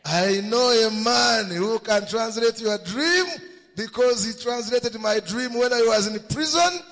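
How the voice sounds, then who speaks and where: Man doing a humble servant to a king, slow and breathy, long echo. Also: mid-range voice, lively intonation, voice pushed down. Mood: earnest. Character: humble apologetic royal cupbearer, middle-aged man. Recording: long hall reverb.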